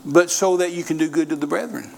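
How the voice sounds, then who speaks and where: A man's voice: a little high, fairly even intonation, fast, vocal fry, slight background noise. A middle-aged man preaching a sermon, telling folksy stories and repeating phrases for emphasis.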